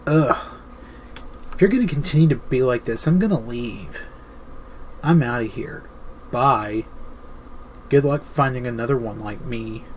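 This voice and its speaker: A man's voice: medium pitch, a little slow, pauses often, a little mellow, slight background noise, close to an everyday voice. A man doing a huffy, dismissive girlfriend. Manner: exasperated, dismissive. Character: huffy impatient girlfriend threatening to leave.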